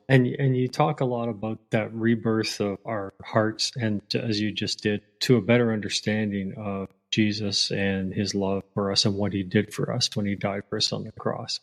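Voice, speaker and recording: A man with a somewhat low voice hosts a Christian interview. He reflects on his guest's story in a measured, encouraging way, adding thoughts about faith. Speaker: interviewer, ministry host.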